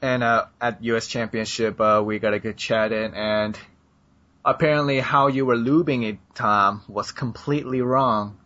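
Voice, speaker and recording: A man's voice: medium pitch, fairly even intonation, moderate pace, pushed and bright. Rambling man with a muffled sound. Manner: rambling, lots of ums and laughs. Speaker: podcast co-host. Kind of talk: casual chat. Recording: dull lo-fi sound.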